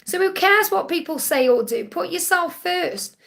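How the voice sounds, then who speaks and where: A woman's voice: very high-pitched, lively intonation, normal speed, vocal fry, a bit bright. A woman reading tarot cards live for viewers' questions, reassuring and often checking in with "okay?". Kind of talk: live-stream Q&A card reading.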